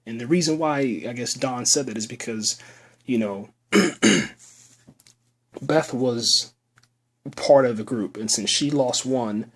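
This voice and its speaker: A man's voice: medium pitch, takes it slowly, long pauses, breathy edge. A man casually recapping a TV episode for his viewers, loose and rambling with plenty of fillers. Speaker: show recap reviewer.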